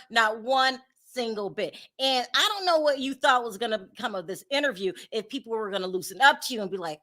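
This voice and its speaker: Bright, sassy woman dishing gossip. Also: on the high side, lively intonation, fairly quick. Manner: blunt, sassy and dismissive. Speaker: celebrity gossip host. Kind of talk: casual commentary.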